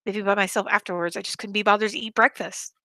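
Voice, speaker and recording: Chatty woman streamer, bright voice. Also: medium pitch, fairly even intonation, fast, dry recording, clean studio sound. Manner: chatty, rambling, self-correcting. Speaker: let's play streamer. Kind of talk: casual chat while reading a visual novel aloud.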